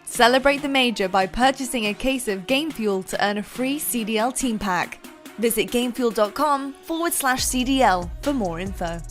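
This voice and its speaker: A woman delivers scripted sponsor announcements in an even, polished voice. Her pitch sits a little high, and music plays softly behind her. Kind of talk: scripted ad read.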